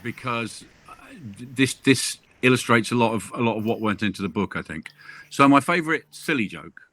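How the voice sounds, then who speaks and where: Bright, jokey man on a call. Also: medium pitch, brisk, dry recording. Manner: jokey, chatty storyteller. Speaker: crime novelist discussing his book. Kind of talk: casual video-call chat.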